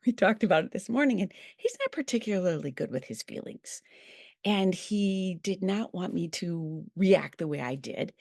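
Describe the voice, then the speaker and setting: Expressive older woman with gravelly voice. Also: medium pitch, dry recording, studio quality. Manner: folksy, expressive, shifting emphasis. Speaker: vlogger, bullying educator. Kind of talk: personal storytelling vlog.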